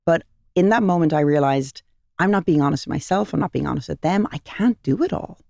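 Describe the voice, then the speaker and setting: A woman's voice: low voice, lively intonation, brisk, vocal fry, a little mellow, no room sound, clean studio sound. A middle-aged woman, a company founder and guest, telling personal stories in a heartfelt, earnest way on a podcast, sometimes repeating phrases for emphasis. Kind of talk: podcast interview, personal storytelling.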